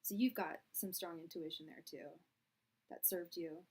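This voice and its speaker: A woman's voice: on the low side, fairly even intonation, normal speed, a little mellow, husky. Young woman doing a tarot reading on a live stream, blunt and chatty, talks right to ya. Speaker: tarot reader.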